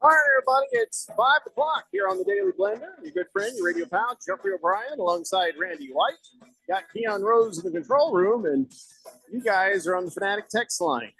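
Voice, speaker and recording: A man hosting a radio talk show, out of breath, telling a story in a lively way and laughing often, in a studio. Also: high-pitched, fairly quick, breathy edge, no room sound. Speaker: radio sports talk host. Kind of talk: casual radio chat. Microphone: studio microphone.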